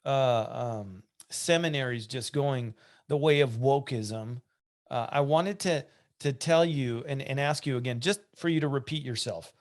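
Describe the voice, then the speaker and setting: A man's voice: medium pitch, a little slow. A man hosting a church podcast, reading listener questions aloud and chatting with asides. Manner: conversational, reads aloud with asides and restarts. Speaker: podcast host.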